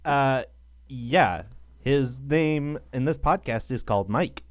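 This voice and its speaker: A man's voice: medium pitch, expressive, slow, a little hiss or hum. A man co-hosting a podcast, telling stories in a dry, wry casual chat. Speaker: podcast co-host.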